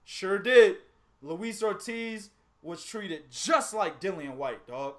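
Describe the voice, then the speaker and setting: A man hosting a boxing podcast, chatting casually, animated and profane, laughing often. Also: sits high, slow. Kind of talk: casual chat.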